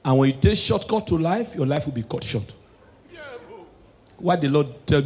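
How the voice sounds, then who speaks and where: A stand-up comedian with a Nigerian Pidgin English accent, his voice sitting notably high for a man. He is loud and animated on stage and shouts his punchlines. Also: moderate pace, slight background noise.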